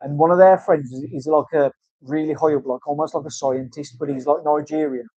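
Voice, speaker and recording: A man's voice: on the high side, fairly even intonation, a little fast, mellow, no echo. Guy chatting in a tattoo studio, swears a lot, dull dry lo-fi sound. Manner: swearing, rambling banter. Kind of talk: casual chat.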